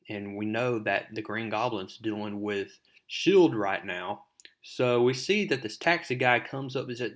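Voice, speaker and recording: A man's voice: on the low side, a little slow, a bit bright. A man casually retelling a comic book story, rambling and using many fillers.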